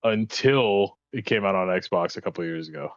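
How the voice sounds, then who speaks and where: A man co-hosting a casual podcast chat, telling relaxed stories. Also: deep voice, moderate pace, no room sound, highs cut off. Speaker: podcast co-host.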